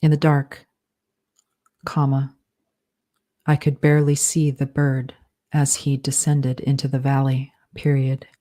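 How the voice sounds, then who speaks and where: A woman author dictating her novel aloud, slowly and deliberately, speaking punctuation marks and edit commands between phrases. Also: a bass voice, monotone, warm tone.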